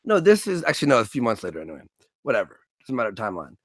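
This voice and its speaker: Gravelly man, animated and profane. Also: medium pitch, rapid-fire, dry recording. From Canada. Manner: animated, profane, acts out scenes in funny voices. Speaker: streamer. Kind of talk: casual stream commentary.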